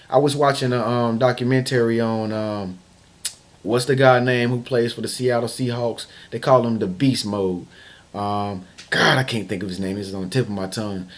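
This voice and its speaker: A man's voice: mid-range voice, moderate pace, fairly bright tone, a little hiss or hum. A man giving a casual, slangy motivational talk as a vlog host, hammering phrases again and again and often restarting sentences. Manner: emphatic and repetitive, hammering phrases over and over. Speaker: motivational vlogger.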